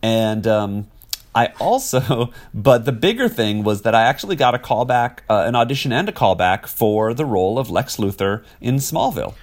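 A man's voice: medium pitch, animated, normal speed. A man in his forties from Wisconsin, an actor telling stories in a casual interview, rambling with many fillers. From Wisconsin, USA. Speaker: actor guest.

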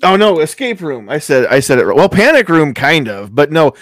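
A man's voice: a little high, sing-song, fairly quick, a bit bright, no room sound. Rambling man in casual chat. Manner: rambling, restarts often, laughs easily. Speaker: podcast co-host.

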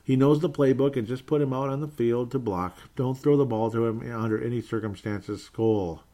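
A man hosting a sports talk show, reading out viewer comments in a relaxed way and chuckling now and then. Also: mid-range voice, normal speed. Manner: relaxed, chuckles often, trails off and restarts. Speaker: podcast host.

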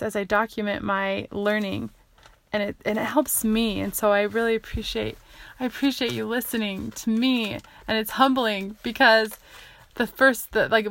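Woman, casual vlog monologue, excitable and rambling, dry close sound. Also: medium pitch, no echo. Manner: rambling and excitable, many fillers, self-interrupting. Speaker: vlogger sharing what she learns. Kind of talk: casual self-recorded monologue.

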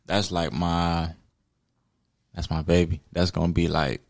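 A raspy young man, a hip hop artist, talking in a relaxed, rambling way with plenty of fillers in a casual podcast interview. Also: deep voice, a little slow, dry recording, studio quality.

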